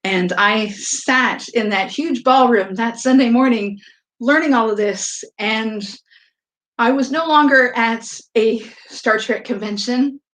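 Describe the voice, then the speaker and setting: A woman's voice: fairly high pitch, fairly bright tone. Woman telling a nervous personal story. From from outside the country of the event. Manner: nervous, halting stammers when reliving the moment. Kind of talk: first-person storytelling performance.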